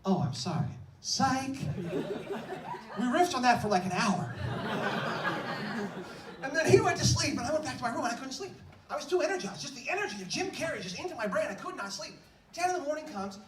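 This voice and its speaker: A man telling a comic story on stage in an animated, breathless, exclamatory way. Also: very high-pitched. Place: stage in a large room. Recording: echoey stage from far off, faint room ambience.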